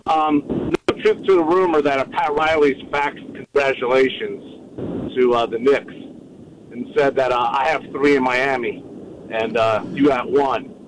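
A man's voice: mid-range voice, a little slow, noisy background. A man calling into a sports radio show, wisecracking with many hesitant fillers. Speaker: caller. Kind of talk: call-in phone chat.

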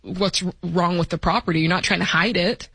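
A woman's voice: on the low side, steady tone, normal speed, gravelly, fairly bright tone, slightly rough, dry recording. A woman co-hosting a call-in advice show, speaking directly and asking practical questions. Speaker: co-host.

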